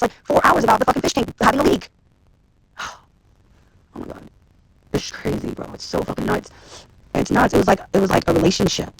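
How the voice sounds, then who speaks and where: A woman in her thirties, a reality TV personality, venting on a livestream in a fast, profane, exasperated rant to her viewers. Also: medium pitch, vocal fry, background noise. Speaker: reality TV personality and executive producer. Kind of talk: Instagram live rant to viewers.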